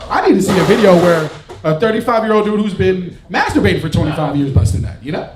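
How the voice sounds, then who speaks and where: A male comedian telling stories in a stand-up set at a live show, jumping to loud high bursts on his punchlines. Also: lively intonation, quick pace. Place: bar stage with live audience. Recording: roomy live venue, audience crowd, off-mic distance.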